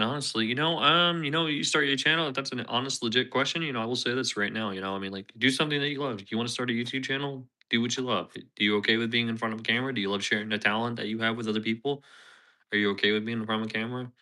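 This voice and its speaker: A man's voice: medium pitch, racing, sharp tone. A man with a Philadelphia accent, in his thirties, chatting casually and rambling to viewers on a live stream while outdoors in a parking lot. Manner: rambling, chatty, laughs often, repeats himself. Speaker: livestream host. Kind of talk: casual livestream chat.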